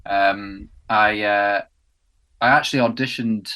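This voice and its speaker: A man's voice: on the low side, steady tone, takes it slowly, bright, forceful tone. A young man from England, an actor co-hosting a podcast, chatting casually and rambling with many ums and restarts. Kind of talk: casual chat. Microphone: podcast mic indoors.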